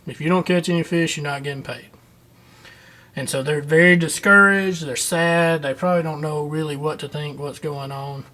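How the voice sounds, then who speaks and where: A man's voice: a little high, fairly even intonation, normal speed, sharp tone. A man teaching a children's Bible lesson, retelling the story in a folksy, conversational way.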